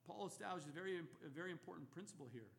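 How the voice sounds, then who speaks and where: A man's voice: a little high, lively intonation, rapid-fire, vocal fry. A man preaching an expository sermon, emphatic and repeating key phrases for effect. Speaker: pastor.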